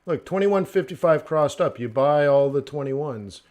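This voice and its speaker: A man hosting a casual forex trading live stream, talking through charts in a joking, animated way. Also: on the high side, moderate pace. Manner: chatty, joking, animated asides with mock voices.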